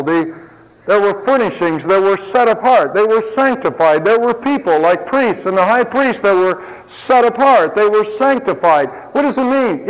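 A man preaching a sermon, swinging between emphatic rises and quiet low asides, with humorous stories for the congregation. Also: big-room sound, poor audio. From lived in Ohio. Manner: tells humorous anecdotes to the congregation.

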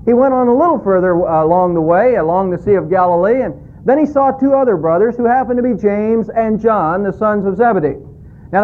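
A male pastor preaching a sermon in a folksy, hesitant way with frequent fillers. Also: a little fast. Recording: tinny phone-like line, faint rumble.

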